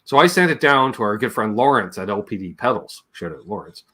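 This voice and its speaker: A man's voice: on the low side, very animated, a little fast, pushed and bright. A man, a guest on a livestream, telling rambling, jokey stories and imitating his relatives' voices as he goes. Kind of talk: casual storytelling on a livestream.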